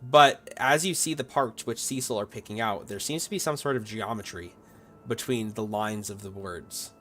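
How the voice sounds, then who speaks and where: A man's voice: on the low side, normal speed, bright, forceful tone, faint music behind. Man narrating as game master. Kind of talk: narrating a tabletop horror game.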